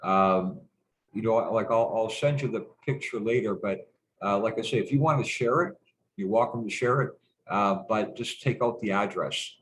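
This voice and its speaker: A man's voice: on the low side, normal speed, slight background noise, poor audio. A middle-aged man telling stories as a guest in a casual conversation, rambling and hesitant, stopping and restarting, with frequent swearing. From Canada.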